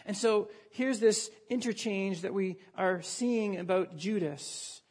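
A man with a fairly high, husky voice preaching a sermon. He talks conversationally and with animation, often restarting mid-sentence as he works through the passage. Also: takes it slowly, a little mellow. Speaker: pastor.

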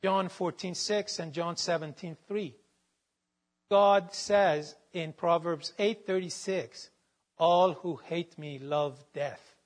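A man giving a devotional Bible teaching, reading out verses with their references in a measured way. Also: a little high.

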